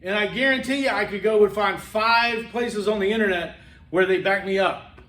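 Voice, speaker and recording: A man's voice: sits high, moderate pace, pushed and bright, roomy sound. A man teaching a college class, talking conversationally and rambling, with frequent fillers and restarts. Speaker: college instructor. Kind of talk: classroom lecture.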